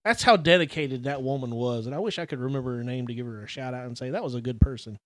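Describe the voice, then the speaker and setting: A man's voice: mid-range voice, quick pace, no room sound. Middle-aged guy telling school stories, swears a lot, dry close mic. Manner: animated storyteller, exaggerated jokes, swears freely. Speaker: podcast co-host. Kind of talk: casual chat.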